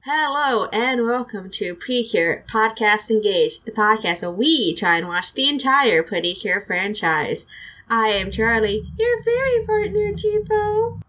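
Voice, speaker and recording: A woman's voice: mid-range voice, a little slow, sharp tone, soft background music, poor audio. A woman hosting a casual podcast, chatty and giggly, rambling through an episode recap with plenty of fillers. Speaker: podcast host.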